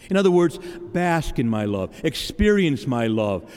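A man's voice: a little high, very animated, moderate pace, darkish tone, clean tone. A middle-aged male pastor preaching a sermon, earnest and personal, often stumbling and restarting as he testifies to his congregation. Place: church. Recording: long hall reverb.

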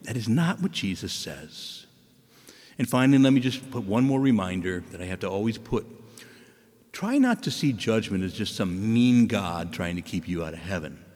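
A man preaching a sermon, animated and asking his listeners questions. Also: on the low side. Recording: long reverb of a large hall.

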